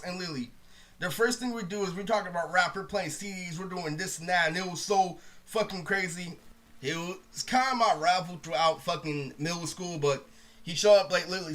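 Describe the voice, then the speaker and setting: A young man telling a rambling, profane storytime monologue, saying "literally" constantly and dropping his voice low to quote other people. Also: a bit bright. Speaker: storyteller vlogger.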